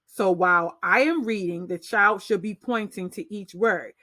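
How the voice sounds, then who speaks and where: A woman teacher walks parents through reading skills at a measured, deliberate pace. Her voice sits in a middle pitch. The sound is close and dry, with no room around it. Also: bright, forceful tone, no echo. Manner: slow, deliberate modeling of read-aloud pacing. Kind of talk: instructional explanation for parents.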